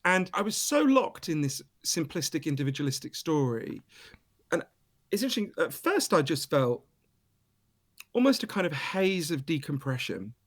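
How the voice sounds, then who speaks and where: A British man, an author being interviewed, telling stories in an animated, emphatic way and swearing casually. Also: fairly high pitch, normal speed. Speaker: author and guest. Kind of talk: storytelling interview.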